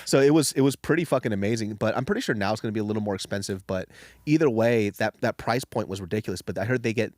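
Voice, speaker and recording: A man's voice: lowish voice, quick pace, darkish tone, no echo, studio quality. A young American man co-hosting a casual podcast chat, joking and laughing often. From United States. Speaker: podcast co-host.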